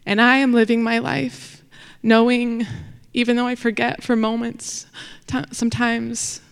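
A woman's voice: fairly high pitch, level tone, measured pace, creaky, clean tone. A woman telling a personal story live on stage, chatty, with fillers and frequent laughter. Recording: long hall reverb.

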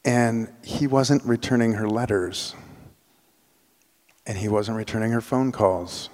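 A man telling a personal story on stage, animated, acting out the voices of people in it. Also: lowish voice, a little slow. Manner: animated, acts out quoted voices. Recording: long hall reverb.

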